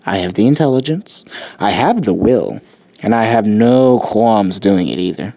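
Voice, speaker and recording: A man's voice: lowish voice, expressive, unhurried, creaky, mellow. A man voicing a smug, boastful teenage boy genius in a spoken story. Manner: cocky, boastful.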